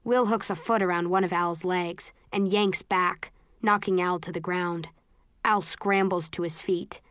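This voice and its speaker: A woman reading a first-person audiobook in a measured, low-key way. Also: steady tone, a bit bright, clear, resonant tone, dry recording, studio quality. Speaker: audiobook narrator.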